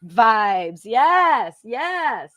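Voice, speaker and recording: A woman's voice: on the high side, sing-song, very slow, fairly bright tone, dry recording. A woman from Michigan, a psychic hosting a live stream, chatting casually and emotionally, laughing often and repeating herself.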